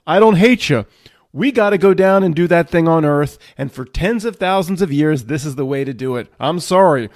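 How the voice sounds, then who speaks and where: Booming spirit higher self guy, a man doing the voice, blunt and kinda loud, no room sound. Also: animated, normal speed, dry recording, clean studio sound. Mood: solemn. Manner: booming, matter-of-fact.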